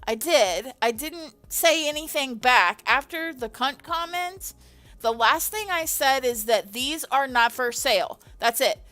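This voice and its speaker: A woman's voice: high-pitched, lively intonation, unhurried, pushed and bright, no room sound, faint music behind. A woman designer venting on a livestream, emphatic, exasperated and full of swearing.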